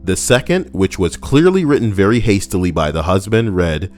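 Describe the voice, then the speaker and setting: Deep voiced guy reading stories for his channel, bouncy delivery, goofy asides and casual swearing. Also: sing-song, normal speed, a little mellow, faint music behind. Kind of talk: reading stories with joking commentary.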